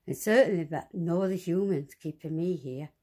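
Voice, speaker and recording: Swearing woman with a dark voice. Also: fairly low pitch, normal speed, husky. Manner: swearing, exasperated ranting. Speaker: vlogger. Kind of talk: angry monologue to camera.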